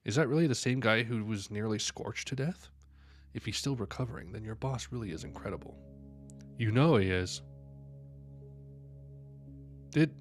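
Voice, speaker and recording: Sleepy and yawning, a man with a fairly low voice reads manga panels aloud on a live stream, performing each character's lines with quick reactions in between. Soft music plays in the background.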